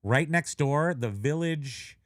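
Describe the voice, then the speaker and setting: A man's voice: fairly high pitch, expressive, slow pace, dry recording, clean studio sound. A middle-aged man from California chatting casually on a live show, telling rambling, self-mocking stories. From Menlo Park, California. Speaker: co-host of a reselling live show. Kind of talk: casual live-stream chat.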